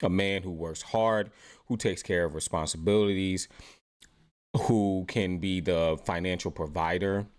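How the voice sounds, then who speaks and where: A man's voice: sits low, fairly even intonation, a little slow, clean tone. A man from Britain hosting a reaction channel, giving opinionated commentary in a chatty way and asking rhetorical questions. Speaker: host.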